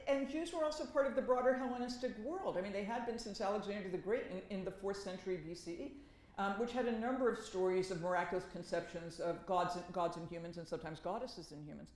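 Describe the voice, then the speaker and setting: Wry, animated woman telling stories on a panel. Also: medium pitch, echoey room, poor audio. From Massachusetts. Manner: animated, wry storytelling with emphatic repetition. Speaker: professor and panelist. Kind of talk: conversational academic talk.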